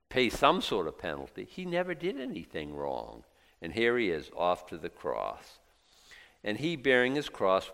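A man preaching a sermon, reading scripture aloud and breaking into lively acted asides. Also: mid-range voice, big-room sound. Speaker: pastor.

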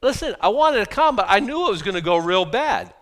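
Animated, lively-pitched male preacher. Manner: animated, conversational preaching with sudden loud bursts; reads scripture slowly, then paraphrases casually. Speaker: pastor. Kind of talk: sermon.

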